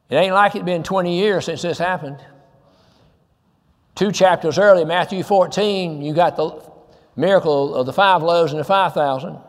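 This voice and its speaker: A man's voice: sits high, moderate pace, big-room sound. A man preaching a sermon earnestly, asking rhetorical questions and quoting scripture.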